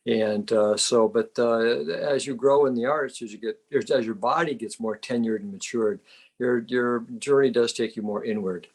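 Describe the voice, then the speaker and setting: An older man with an Upper Midwest accent, from Wisconsin, speaking as a calm, reflective, good-humored interview guest. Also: medium pitch, moderate pace. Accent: Upper Midwest American. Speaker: guest, retired psychotherapist and martial artist. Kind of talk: casual interview chat.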